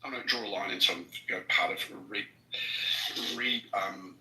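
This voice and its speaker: A man speaking in a casual chat, halting with lots of ums and restarts. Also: deep voice, bright, forceful tone, echoey room, rough recording.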